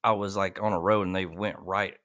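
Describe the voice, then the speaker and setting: A man's voice: sits low, steady tone, fairly quick, pushed and bright, no room sound, studio quality. A man hosting a podcast, rambling and swearing in crude casual chat. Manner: profane, rambling, laughs a lot. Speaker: podcast host.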